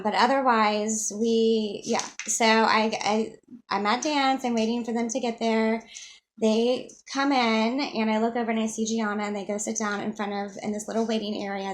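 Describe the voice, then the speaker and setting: A woman's voice: mid-range voice, slight background noise. A mother telling an upsetting personal story to the camera in a rambling, casual way, with many fillers and restarts.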